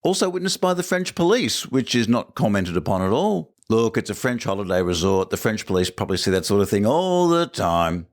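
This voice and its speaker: A man's voice: on the low side, big pitch swings, brisk, hardly any pauses. A man hosting a podcast, reviewing an episode in a wry, joking commentary and firing off rhetorical questions. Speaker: podcast host.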